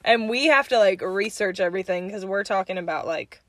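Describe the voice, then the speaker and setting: A woman's voice: medium pitch, brisk, fairly bright tone, no room sound. A young woman from Georgia, co-hosting a podcast and telling a story in a rambling, casual way full of "like.". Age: young adult. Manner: rambling, many "like"s, laughs mid-story. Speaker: podcast co-host.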